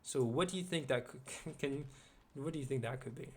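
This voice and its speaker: Rambling male host, casual and chatty, keeps quizzing the listener, swears offhand, mid-pitched. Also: brisk, a little hiss or hum. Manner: rambling, asks the viewer questions, swears casually. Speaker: video host.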